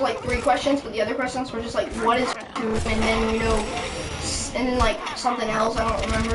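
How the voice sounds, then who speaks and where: Heard from a distance over clear background music and heavy background noise, a woman with a fairly high voice rambles through an indignant storytime rant. This vlogger keeps restarting and filling gaps with fillers.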